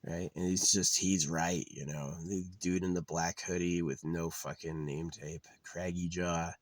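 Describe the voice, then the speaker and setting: This vlogger speaks low and unhurried, his intonation fairly even, with no room sound. He swears his way through an exasperated, casual rant, imitating his opponents in mocking voices.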